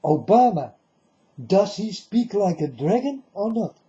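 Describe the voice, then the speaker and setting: A man's voice: sits high, big pitch swings, measured pace, mellow. A man preaching to the camera in a monologue, firing off repeated rhetorical questions at the viewer. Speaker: religious video preacher. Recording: dull lo-fi recording.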